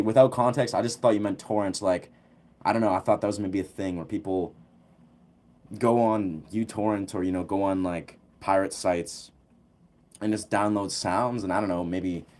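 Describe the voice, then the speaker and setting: A man's voice: fairly low pitch, steady tone, moderate pace, a little mellow. A young man hosting a casual livestream, chatting with viewers in a loose, rambling way full of fillers. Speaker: livestream host. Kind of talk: casual chat answering viewers.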